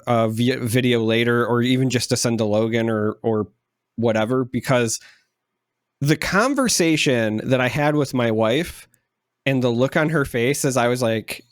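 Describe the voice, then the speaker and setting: A man co-hosting a podcast rambles through a story, voicing his own past lines along the way. His voice is mid-pitched and recorded close, with a dry sound. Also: dry recording. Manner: rambling storyteller, quotes himself. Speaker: podcast co-host. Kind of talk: casual chat.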